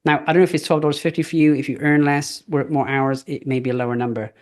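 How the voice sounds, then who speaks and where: A man's voice: a little high, steady tone, fast talker. Chatty man coaching a live training. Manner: casual, chatty, with fillers and stories. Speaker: business coach.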